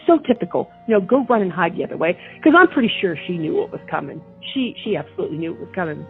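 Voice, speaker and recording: A woman with a fairly low, expressive voice talks fast as she recounts events as an interview guest. Indignant, she often repeats herself and starts over, heard through a tinny phone line with faint music.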